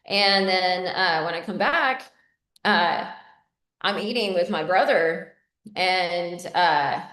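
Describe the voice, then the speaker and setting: A woman's voice: fairly low pitch, a bit bright. A woman vlogger telling a personal story in a candid, direct way, addressing her viewers with many fillers. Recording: roomy echo.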